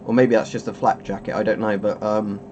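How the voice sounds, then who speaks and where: A man's voice: on the low side, flat delivery, a little fast, highs cut off, noisy background. A man hosting a casual webcam stream, rambling and chuckling as he keeps interrupting himself. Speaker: streamer host.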